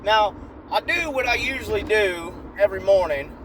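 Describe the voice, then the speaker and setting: A man telling a brash, animated comedic story in a casual way, recorded in a parked car. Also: high-pitched, moderate pace, slight background noise, low-quality recording. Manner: animated, brash, shifting into voices.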